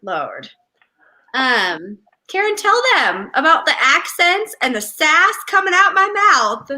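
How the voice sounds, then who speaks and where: A woman from California, a guest in a casual live video chat, sassy and quick to joke back. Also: high-pitched, sing-song, sharp tone.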